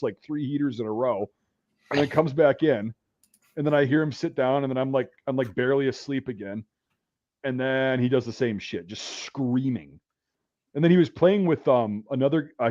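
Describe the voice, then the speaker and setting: A man hosting a casual podcast, telling profane army stories in an animated way. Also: medium pitch, no room sound, dull audio. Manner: profane, animated, shouts out quoted rants. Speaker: podcast host. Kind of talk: casual storytelling chat.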